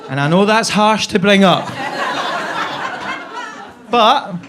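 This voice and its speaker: A Scottish comedian spins a long stand-up story in a slightly raised voice. He talks in a loose, chatty way and keeps checking in with a quick "right?". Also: high-pitched, expressive, crowd noise, noisy background.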